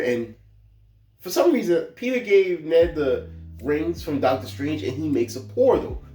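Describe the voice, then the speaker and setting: A man in a movie review vlog, excitable, swinging between hyped outbursts and a somber hush. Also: a little high, reverberant.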